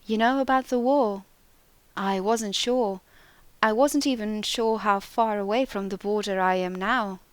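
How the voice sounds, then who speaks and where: A woman's voice: medium pitch, steady tone, unhurried, clear, resonant tone, no room sound, close to an everyday voice. A woman voicing a lost, courteous male clerk who speaks earnestly.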